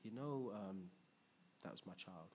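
A man preaching a sermon in a conversational, lively way, asking the congregation questions. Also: lowish voice, measured pace, slight background noise.

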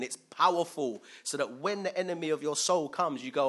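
A man preaching a conversational sermon, animated and thinking aloud, switching between loud emphasis and quiet asides. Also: a little high, moderate pace, few pauses. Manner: thinks aloud with restarts and acts out quotes.

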